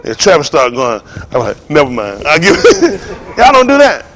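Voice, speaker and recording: High-voiced man preaching, cracking jokes and shouting, voice jumps all over. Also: huge pitch swings, normal speed. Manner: joking, laughing and shouting to the crowd. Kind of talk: comic sermon talk to a congregation.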